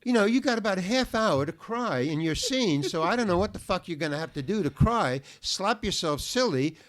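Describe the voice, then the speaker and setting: A man's voice: high-pitched, lively intonation, a little fast, a bit bright, pitched above the performer's own voice. A man putting on the voice of a stern, impatient film director who curses while giving orders. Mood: scolding. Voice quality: brusque, profane.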